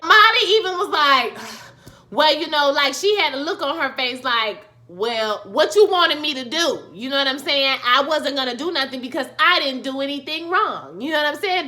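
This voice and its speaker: Animated sassy woman with a bright, high voice. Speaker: YouTube TV recap host. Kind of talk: casual spoken show review.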